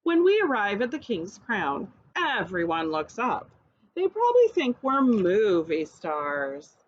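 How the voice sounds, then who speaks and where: A woman's voice: medium pitch, huge pitch swings, takes it slowly, dull audio. A woman preschool teacher reading a picture book aloud and coaxing children to repeat words after her.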